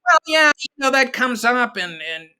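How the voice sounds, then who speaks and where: A middle-aged man telling showbiz stories in a relaxed chat, acting out the voices of the people he quotes with animated shifts. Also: very high-pitched, normal speed, clear, resonant tone. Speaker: guest comedy writer. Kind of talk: conversational storytelling.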